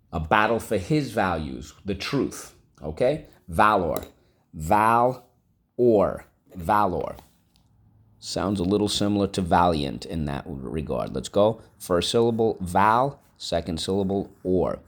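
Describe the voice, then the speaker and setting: Male teacher, deep voice, unhurried classroom vocabulary drills. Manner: drawn-out, syllable-by-syllable word drills. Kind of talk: vocabulary lesson for children.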